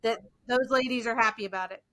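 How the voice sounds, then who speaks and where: A woman's voice: a little high, fast talker, bright, forceful tone. A woman hosting a podcast, responding appreciatively to her guest in conversation. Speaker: podcast host. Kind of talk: conversational interview.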